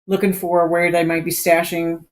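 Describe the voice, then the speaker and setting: A host introducing a guest on a live talk stream in a plain, measured way. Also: mid-range voice, flat delivery.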